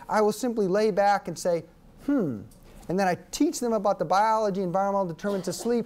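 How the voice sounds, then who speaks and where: A man presenting a workshop lecture to an audience, an animated storyteller who repeats key points for emphasis. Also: sits high.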